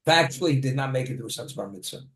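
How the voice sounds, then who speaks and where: A man's voice: medium pitch, animated, racing, fairly bright tone, echoey room. A man delivering a plain-spoken sermon, telling a story from his own life with the occasional restart.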